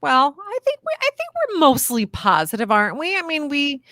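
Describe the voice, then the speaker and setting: A woman's voice: sits high, huge pitch swings, fairly quick, sharp tone, no room sound, clean studio sound. A woman co-hosting a podcast in casual chat, upbeat and playful in how she talks. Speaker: podcast co-host.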